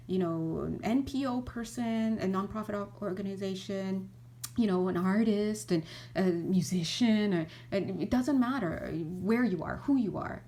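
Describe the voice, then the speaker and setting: A middle-aged woman, a spiritual teacher and energy healer, giving an animated casual talk and acting out little scenes. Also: medium pitch. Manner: animated, acts out little scenes, many restarts.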